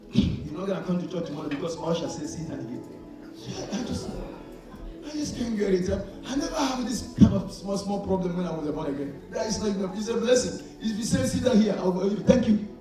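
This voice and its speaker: Far from the microphone in a very reverberant hall, with faint music behind him, a man with a high voice preaches fairly quickly and with lively intonation. He has the crowd finish his phrases call-and-response style, and his voice goes from loud to soft as he enacts small scenes.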